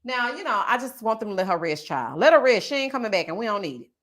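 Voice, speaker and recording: A woman chats to her viewers in a sassy, animated way, her pitch jumping up and down as she talks. She tosses in honey and child and often breaks into laughter. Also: fast. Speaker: YouTube reality TV commentator. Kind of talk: casual live-stream chat reading comments.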